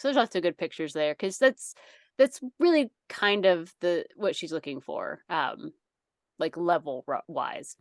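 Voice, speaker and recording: A woman's voice: lowish voice, no echo, studio quality. A woman co-hosting a podcast, telling a long story in a casual, rambling way, laughing often and using many fillers. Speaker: podcast co-host.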